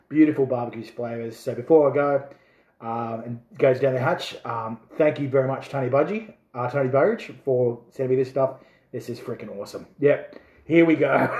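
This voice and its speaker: A man reviews chili jerky in a casual vlog. He is excitable and swears freely as the burn hits. His voice sits at a medium pitch and rings out in an echoey room. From Australia. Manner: excitable, swearing, laughing through chili heat. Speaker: food reviewer.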